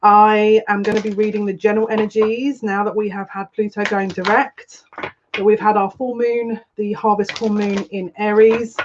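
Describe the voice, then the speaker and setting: A woman psychic tarot reader hosts a casual live reading stream, chatty and rambling as she greets viewers by name. Her mid-range voice has little pitch movement and a normal speed. The stream audio is dull and lo-fi with faint noise.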